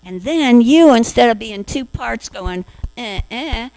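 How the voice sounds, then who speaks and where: Slow easygoing woman minister, gentle spiritual talk, dry close sound with a faint hum. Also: fairly high pitch, expressive, vocal fry, dry recording, low-quality recording. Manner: gentle, acts out inner voices in short quoted asides. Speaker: minister giving a Sunday talk.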